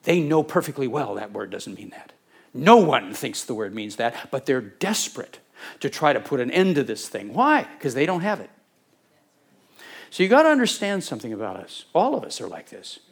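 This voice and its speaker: A man's voice: mid-range voice, sing-song, moderate pace, vocal fry, breathy edge. A man preaching a sermon, talking animatedly and acting out Bible scenes in different voices. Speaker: pastor.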